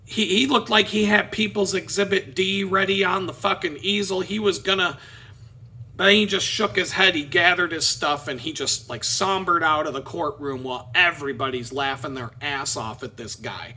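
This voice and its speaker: A man vlogging, telling a story in a casual, profane, animated way. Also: high voice, normal speed, creaky, breathy edge. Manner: profane, animated, laughing at his own story.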